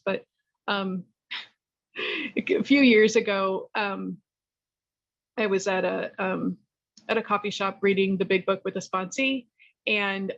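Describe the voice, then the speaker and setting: A woman's voice: medium pitch, no echo, muffled recording. Candid woman telling her recovery story. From California. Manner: candid, rambling, lively storytelling. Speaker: recovery meeting speaker. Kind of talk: personal testimony talk.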